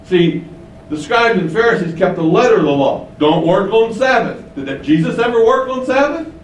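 A man's voice: lively intonation, brisk. A man preaching a sermon with emphasis, asking his listeners questions and repeating key lines. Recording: echoey room, mic at a distance, faint rumble.

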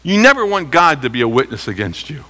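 A man teaching a Bible lesson verse by verse in a lively way, often checking that listeners are following. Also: on the high side, fast. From United States. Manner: animated, keeps checking listeners with rhetorical questions.

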